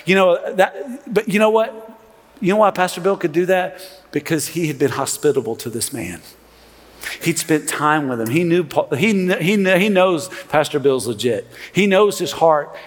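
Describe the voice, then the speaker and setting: A middle-aged male pastor preaching in a big church, his voice a touch higher than most men's. He talks to the congregation casually, with dry sarcastic asides and stumbling restarts. His words ring out with a long hall reverb. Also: normal speed. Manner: conversational and animated, with sarcastic asides and frequent restarts. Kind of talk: sermon. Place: large church sanctuary.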